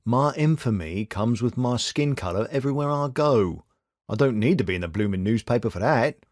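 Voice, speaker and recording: A steady, shrewd young detective, read by a male narrator, who gives blunt advice in a voice. His tone is wry and reassuring, and his pitch moves with a lively rise and fall. The recording is dry and close. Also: normal speed, no echo, lightly acted.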